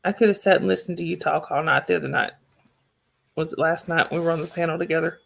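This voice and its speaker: Talking fast in a deep, gravelly voice with a steady tone, a Southern woman hosts a livestream. She chats casually and rambles with her viewers, often restarting sentences.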